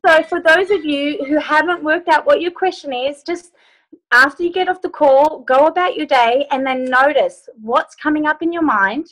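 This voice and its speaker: A woman's voice: high-pitched, normal speed, fairly bright tone, low-quality recording. A woman life coach leading a group video call from her phone, giving upbeat, playful instructions.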